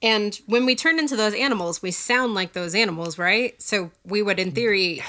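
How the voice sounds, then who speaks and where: Bright, sarcastic woman player. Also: mid-range voice, normal speed. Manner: sarcastic, swears casually, laughs a lot. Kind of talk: tabletop role-play banter.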